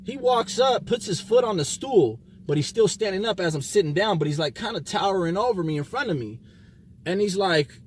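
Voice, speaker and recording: A man casually telling a personal story in street slang, with lively, profane delivery that acts out the dialogue. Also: high-pitched, moderate pace, slight background noise.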